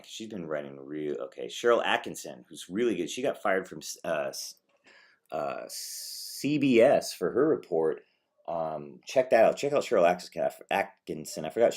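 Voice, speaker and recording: A man's voice: low-pitched, a little mellow. Profane sarcastic man ranting politics. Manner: profane, sarcastic, mocking voices, rambling. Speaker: political commentary vlogger. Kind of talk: casual ranting commentary.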